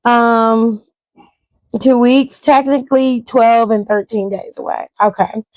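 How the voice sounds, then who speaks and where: A woman hosts a casual wrestling recap and talks it through in a fairly high voice. She is animated and profane and acts out what people said. The sound is close and dry. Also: slow, dry recording. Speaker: wrestling show reviewer, host. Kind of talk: casual commentary.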